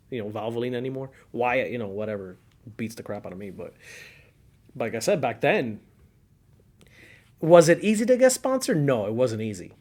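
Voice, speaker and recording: A middle-aged man with a Cuban accent hosts a relaxed podcast chat. He tells stories with plenty of energy, laughs often and acts out what people said back then. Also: mid-range voice. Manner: animated storyteller, laughs often, acts out quotes. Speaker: podcast host. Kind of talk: casual car-scene chat.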